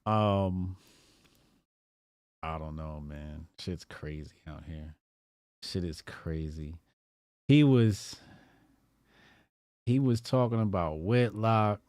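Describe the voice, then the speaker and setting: A man's voice: sits low, takes it slowly, pauses often, darkish tone, clean tone, dry recording, studio quality. A man from New Jersey hosting his own show, talking loosely with slang and laughing often. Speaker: host. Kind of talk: casual live-stream talk.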